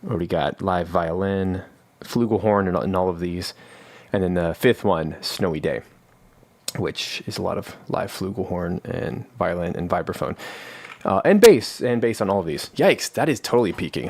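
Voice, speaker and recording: Nursing a cold, this composer hosts a relaxed live stream from his home studio, talking at a moderate pace with a rambling, self-deprecating streak and a voice pitched a little low. His studio vocal mic feeds a manual analog mixer, so the sound is close and dry, free of room echo.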